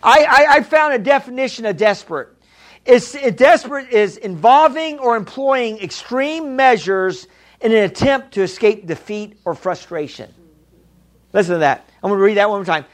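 This pastor's voice is high and animated, moving at a moderate pace as he preaches. He stresses and repeats his main lines emphatically and keeps calling out to the congregation.

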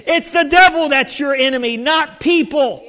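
A man's voice: very high-pitched, normal speed, sharp tone. A man preaching a sermon with fervor, calling out questions to his congregation. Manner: fervent, calls out to the congregation. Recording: long hall reverb.

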